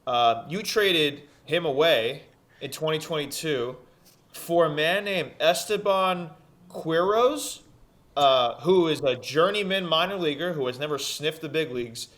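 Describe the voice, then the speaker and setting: A man co-hosting a baseball chat, speaking in a slightly higher register. He grumbles along in a mock-annoyed, offhand way. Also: measured pace, fairly bright tone. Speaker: podcast co-host. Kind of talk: casual sports chat.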